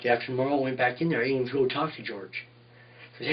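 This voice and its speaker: A man's voice: mid-range voice, rapid-fire, distant mic, muffled recording. Profane, rambling tattoo artist man. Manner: profane, rambling, says "you know what I mean" constantly. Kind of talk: casual storytelling interview.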